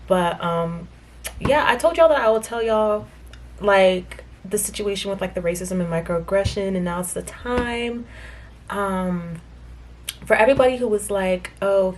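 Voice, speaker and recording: A woman's voice: lowish voice, slight background noise. Chatty young American woman vlogging. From United States. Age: young adult. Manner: chatty, many fillers, recounts dialogue indignantly. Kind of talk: casual storytelling to camera. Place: hotel room.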